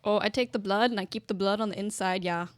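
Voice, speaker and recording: A woman voicing a healer in her fifties who speaks in broken English with a put-on northern accent and hesitant pauses. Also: mid-range voice, steady tone, dry recording, studio quality, natural voice. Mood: folksy.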